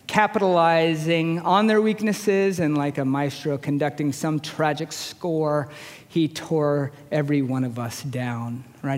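A man in his forties with a high voice delivers a storytelling sermon as a chaplain. He talks conversationally and pokes fun at himself. His voice rings through the long reverb of a large hall. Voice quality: high-pitched voice. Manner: conversational, self-deprecating humor. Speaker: chaplain preaching.

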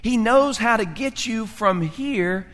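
Pastor guy preaching, high lively voice, bright and sharp, echoey church hall. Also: slow pace. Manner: animated, acts out characters, swings from loud to hushed. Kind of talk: sermon.

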